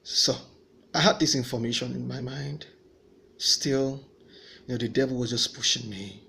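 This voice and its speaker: A man's voice: medium pitch, moderate pace, vocal fry, bright, forceful tone. A man giving an earnest personal faith testimony, telling his story and voicing remembered dialogue.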